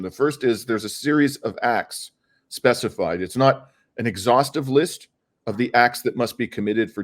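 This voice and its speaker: A middle-aged man, a lawyer and activist, giving an earnest interview answer, arguing with frequent hesitations and restarts. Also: on the low side.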